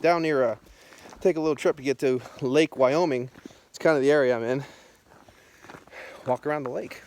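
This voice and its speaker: A man walks a hilly country road outdoors and talks to the handheld camera he carries, short of breath between phrases. His chat rambles along, casual and joking, in a voice of middling pitch. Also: normal speed, darkish tone, slight background noise. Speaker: beer vlogger. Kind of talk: casual walking vlog.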